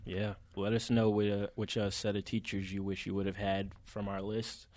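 Animated, slangy male podcast co-host. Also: fairly low pitch, moderate pace, dry recording. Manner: animated storytelling, heavy slang and swearing. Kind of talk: casual chat.

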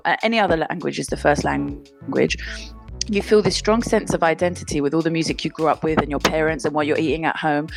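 A woman musician, a guest on a radio show, talks in a lower voice and a chatty, loose way. She often breaks off mid-thought and laughs, with faint music in the background. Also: gravelly. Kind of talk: casual interview chat. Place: London, remote call.

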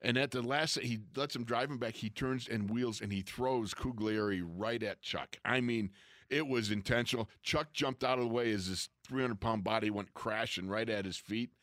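A man's voice: mid-range voice, normal speed, dry recording, studio quality. A man, a former pro football player, casually telling locker-room stories and acting out the people he quotes. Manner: animated storyteller, acts out quoted coaches and players. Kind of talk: casual storytelling chat.

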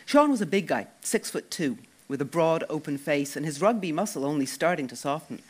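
A man reading a first-person novel, wry and expressive. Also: on the high side, fairly quick. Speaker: audiobook narrator.

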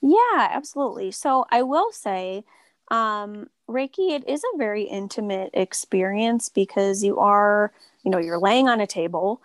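Soft-spoken woman, dry close sound. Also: medium pitch, animated, a little slow, no echo. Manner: soft-spoken, lots of filler words. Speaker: Reiki practitioner. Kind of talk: casual interview talk. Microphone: remote call.

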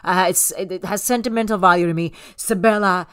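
A woman co-hosting a podcast, chatting casually and telling stories in an animated way with frequent restarts. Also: lowish voice, a little fast, smooth. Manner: animated storyteller, many restarts. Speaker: podcast co-host. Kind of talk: casual chat.

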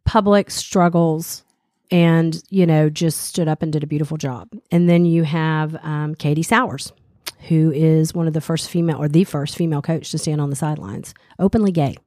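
A middle-aged Southern woman chatting on air with a co-host, her voice sitting on the low side for a woman. She talks in a loose, animated way, full of "you know" and restarts. The sound is close and dry, with no room around it. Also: normal speed, dry recording. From American South. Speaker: radio co-host. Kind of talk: casual chat.

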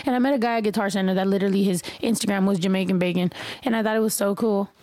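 A woman hosting a podcast in casual chat, loud and excitable, swearing freely. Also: medium pitch, very fast, no room sound. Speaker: podcast host. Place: podcast room.

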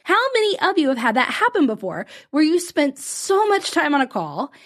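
A woman hosts a solo business podcast in a high, bright voice. Her pitch swings widely as she tells a client story. She laughs often and acts out what others said. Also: very animated, normal speed. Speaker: podcast host and business coach.

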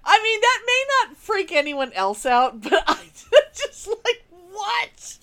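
High, slow-talking woman cursing along. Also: sing-song, pushed and bright. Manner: slow, laughing, cursing in agreement. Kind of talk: casual chat.

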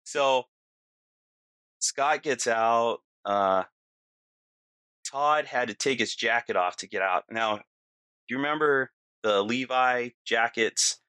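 Middle-aged guy telling a story, bright forceful voice, lots of "like" and "you know", dry close sound. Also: medium pitch, slow, pauses often, clean tone, no room sound. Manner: animated, full of "like" and "you know" fillers. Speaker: guest telling a personal story. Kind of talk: casual conversational storytelling.

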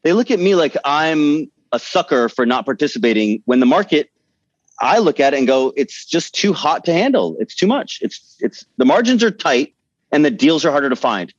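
Male podcast co-host, husky and animated, earnest long questions, dry lo-fi sound. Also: on the high side, normal speed, dry recording. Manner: earnest, talks through his reasoning at length. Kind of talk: casual interview questions. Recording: dry, dull lo-fi audio.

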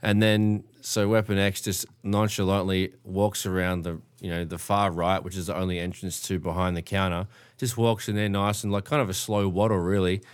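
A man's voice: low-pitched, little pitch movement, moderate pace, hardly any pauses, no echo. A young Australian man telling crude party stories in a casual chat, full of slang. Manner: crude, laid-back slang, acts out quoted voices. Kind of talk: casual storytelling.

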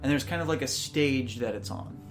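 A woman's voice: very deep voice, normal speed, soft background music. Casual woman running a tabletop game. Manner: casual, lots of "like" fillers. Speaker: game master.

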